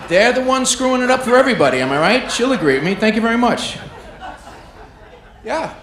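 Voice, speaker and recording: Brash New stand-up comic. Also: male voice, very high voice, very animated, fairly quick. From New York. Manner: brash, crowd-baiting, works the audience. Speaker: stand-up comedian. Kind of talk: stand-up comedy set. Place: comedy club stage. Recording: echoey club, loud crowd noise.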